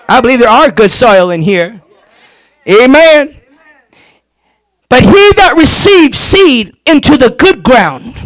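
A man preaching a fervent sermon to his congregation, calling for responses and shouting at the peaks with drawn-out emphatic phrases. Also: very high-pitched, very animated, low-quality recording. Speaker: pastor. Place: church.

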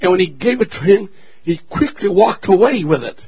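A male pastor preaching a fiery sermon with call-and-response, building to shouted refrains. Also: high-pitched, expressive, normal speed, breathy edge, highs cut off.

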